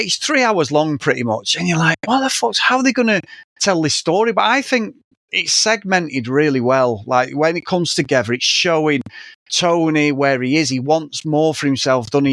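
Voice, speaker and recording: A man's voice: a little high, fairly bright tone, no echo. A man co-hosting a podcast, giving blunt, sweary opinions in casual film chat. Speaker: podcast co-host.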